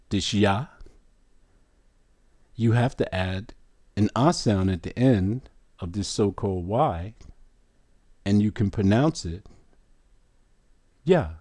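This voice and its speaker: A man with a lowish, mellow voice teaches a religious lesson at a very unhurried pace. He hammers each point home and keeps asking the listener whether they follow. The sound is dry and close, with no room around it. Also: dry recording. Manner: slow, emphatic, questioning the listener.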